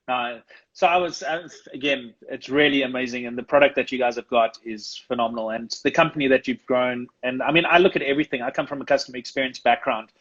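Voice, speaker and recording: A South African man in a relaxed live chat. He talks freely and laughs a lot, often restarting his sentences, with a cough and some throat clearing. The sound is dull and lo-fi, as on a streamed call. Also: mid-range voice, a little fast. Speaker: guest photographer.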